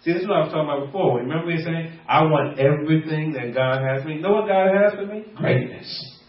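A pastor delivers a sermon in a fairly high, quick voice, playfully acting out snippets of everyday conversation and laughing often. The recording sounds dull, with his voice distant in an echoey room.

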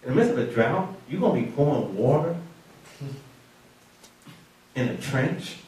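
A man preaching a sermon with animated call-and-response, often laughing as he tells the story. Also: mid-range voice, measured pace, a little hiss or hum. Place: church. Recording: echoey room from far off.

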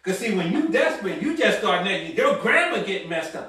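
A man's voice: sits high, very animated, brisk, few pauses, sharp tone. A man preaching a sermon in a fervent, colloquial way, repeating words in bursts as he builds. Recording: echoey room, mic at a distance.

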